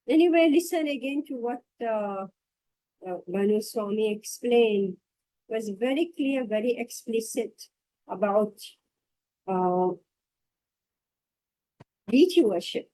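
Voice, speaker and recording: A woman's voice: a little high, takes it slowly, long pauses, warm tone, poor audio. A woman teaching a scripture class, reading passages aloud and discussing them. She talks reflectively and repeats phrases for emphasis.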